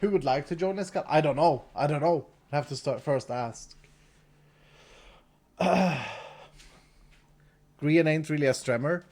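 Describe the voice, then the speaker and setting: A man's voice: fairly high pitch, a little slow, long pauses, a little mellow. A man streaming a game live, chatting casually with his viewers, reading chat, thanking donors and laughing easily.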